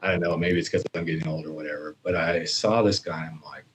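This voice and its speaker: In a rumbling low voice, a middle-aged podcast guest races through a personal story with hardly any pauses, animatedly voicing his inner thoughts. There is slight background noise.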